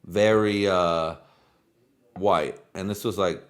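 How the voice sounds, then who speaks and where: A Mexican-American vlogger whose native language is Spanish rambles through a profane story in English, laid-back in tone. His voice is lowish and his pace moderate.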